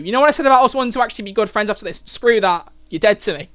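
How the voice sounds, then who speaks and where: A young man streaming, reading a visual novel aloud and breaking off into emotional, loud reactions. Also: high-pitched, very animated, very fast, faint music behind. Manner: emotional, swings from hushed reading to loud exclamations.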